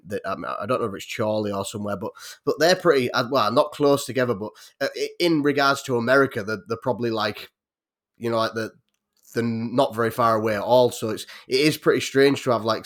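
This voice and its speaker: A man with a North Yorkshire accent chats on a podcast in a mid-pitched voice. He rambles, restarting his sentences and filling them with likes and ums. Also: a bit bright. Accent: North Yorkshire English. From North Yorkshire, England. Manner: rambling, many restarts and fillers. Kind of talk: casual podcast chat.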